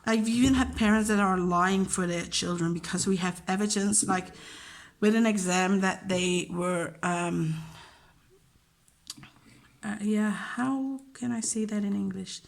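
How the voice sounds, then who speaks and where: A woman's voice: mid-range voice, a little slow, creaky. A woman, a teacher chatting casually and openly about her job, with many fillers and acted-out quotes. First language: Dutch. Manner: chatty, emotional, acts out quoted dialogue. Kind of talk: casual chat.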